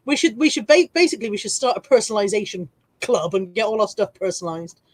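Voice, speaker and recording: A woman's voice: mid-range voice, expressive, fast, a little mellow, no echo. Chatty English woman in her forties. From England. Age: 40s. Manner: chatty, self-mocking, laughs often. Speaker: reseller livestream host. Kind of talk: casual live chat reading comments.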